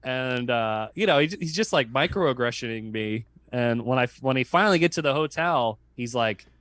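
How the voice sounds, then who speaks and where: A man's voice: mid-range voice, lively intonation, normal speed, a bit bright, no echo. A young adult man, a guest comedian, telling a wry, exasperated anecdote in a casual podcast chat.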